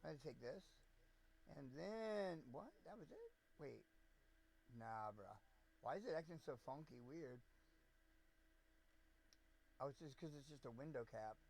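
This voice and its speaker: A man's voice: on the high side, lively intonation, a little slow, gravelly, pauses often, darkish tone, low-quality recording. A young man streaming a video game, rambling, joking and swearing freely as he plays. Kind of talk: casual game commentary. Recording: background noise.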